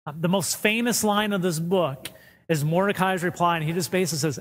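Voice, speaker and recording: A man's voice: sits high, a little fast, big-room sound. A man preaching a sermon as pastor, retelling scripture in casual, paraphrased speech.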